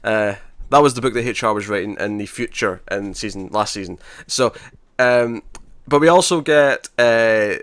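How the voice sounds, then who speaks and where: A man's voice: on the low side, normal speed, fairly bright tone, clear, resonant tone, dry recording. A man hosting a podcast, chatting casually and animatedly as he recaps TV episodes, laughing often. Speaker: podcast host.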